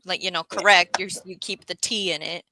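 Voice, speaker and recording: A woman from Minnesota chatting on a live stream and calmly explaining how a word is pronounced. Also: fairly low pitch, brisk, background noise. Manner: explains pronunciation, matter-of-fact. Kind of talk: casual live-stream chat.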